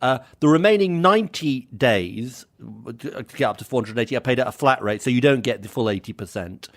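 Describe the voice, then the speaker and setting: A man's voice: mid-range voice, expressive, fairly quick, a bit bright. A man from Britain co-hosting a podcast, telling an anecdote in a chatty way with many restarts. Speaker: podcast co-host. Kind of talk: casual chat.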